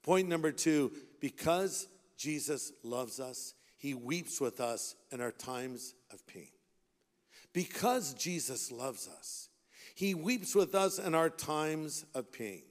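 A man's voice: fairly high pitch, lively intonation, slow pace. Impassioned male preacher, echoing hall. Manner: impassioned, rhetorical questions, shifts from loud to hushed. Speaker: pastor. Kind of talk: sermon. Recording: long hall reverb.

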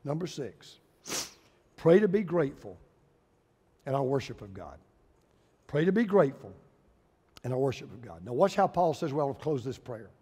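A male pastor, preaching a sermon with folksy humor and lively storytelling. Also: medium pitch, normal speed, long pauses, husky, long reverb tail.

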